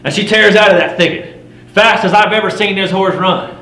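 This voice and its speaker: Pushed, bright and pitched high, a man's voice moves fairly quickly as a living history storyteller portrays a boastful mountain man of the frontier, a grizzled fur trapper. He tells a first-person campfire tall tale in a folksy drawl with rough grammar, swaggering wryly and chuckling at his own yarns. The recording sounds roomy, with a faint hum.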